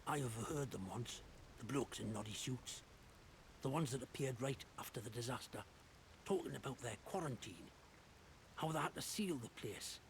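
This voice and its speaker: An actor voicing a wary, chatty male survivor in a game, with a gravelly, rambling way of talking. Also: medium pitch, normal speed, a little hiss or hum, close to an everyday voice. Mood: wary chatter. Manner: rambling, gossipy, suspicious of strangers. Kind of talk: video game dialogue.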